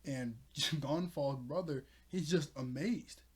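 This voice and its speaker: A man's voice: a little high, takes it slowly, breathy edge. Chatty, chuckling man recapping a manga. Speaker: manga reviewer. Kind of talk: casual recap.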